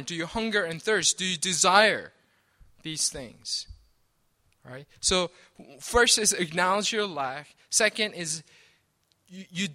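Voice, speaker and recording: A male pastor delivers a sermon in a fairly high voice with a bright, ringing edge. He talks conversationally rather than from a script, stumbling over and repeating words. He keeps punctuating his points with "right?". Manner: repeats "right?" often, restarts and stammers.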